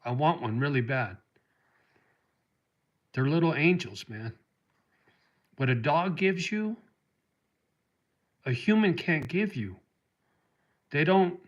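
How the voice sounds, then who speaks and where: A man's voice: on the high side, animated, slow, pauses often, dull audio. A middle-aged man hosting a casual livestream, reading viewer comments aloud and answering them with heartfelt talk that gets choked up about dogs. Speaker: livestream host.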